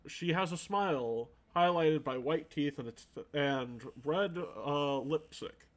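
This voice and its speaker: A man narrating a tabletop game as game master, in a loose, halting way. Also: a little high.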